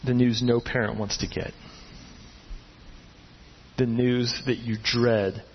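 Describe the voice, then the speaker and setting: A man preaching a sermon, telling the story with animated asides and acted-out voices. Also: medium pitch, takes it slowly, slight background noise. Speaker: pastor. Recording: dull, echoey hall recording.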